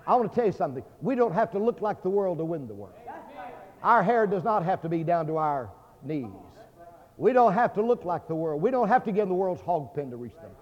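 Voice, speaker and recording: A man's voice: high-pitched, very animated, brisk. Fervent preacher man, echoing hall. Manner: fervent preaching with dramatic swings from loud declarations to hushed tones. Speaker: Baptist pastor. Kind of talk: sermon. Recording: dull lo-fi sermon recording with long hall reverb.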